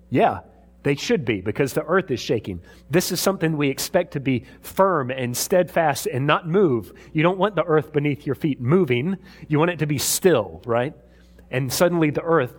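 Conversational man preaching. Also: medium pitch. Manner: conversational preaching, reads scripture aloud. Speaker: pastor. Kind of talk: sermon.

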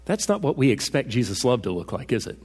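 A man's voice: medium pitch, very animated, fast talker, a little mellow, slightly rough. A man preaching a sermon as a pastor, conversational and asking rhetorical questions. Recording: echoey hall reverb.

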